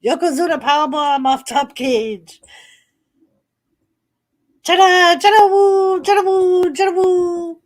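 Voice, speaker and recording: A middle-aged woman with a high, bright-pitched voice hosts a casual live stream. She talks in an unhurried way, reads out viewers' messages, and breaks into frequent giggles. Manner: laughs often while reading chat messages aloud. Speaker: streamer hosting a wrestling watch party.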